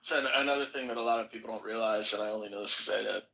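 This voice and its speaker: A man's voice: on the low side, racing, vocal fry, pushed and bright, poor audio. A man hosting a casual podcast, rambling with lots of fillers and poking fun at himself. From United States. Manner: rambling, self-deprecating, many fillers. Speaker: podcast host. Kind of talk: casual group chat.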